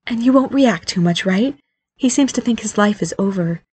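A woman's voice: on the high side, expressive, quick pace, pitched above the performer's own voice. A woman voicing a doting, fond mother. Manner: warm, fond, reassuring. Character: doting cheerful middle-aged mother.

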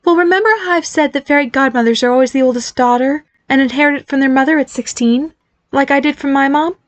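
A woman's voice: high voice, fast, no echo, pitched above the performer's own voice, close to an everyday voice. A woman voicing an eager, nervous fairy godmother mother who chatters and reassures, in an audiobook reading. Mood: chatty, anxious. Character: cheerful, nervous middle-aged fairy godmother mom.

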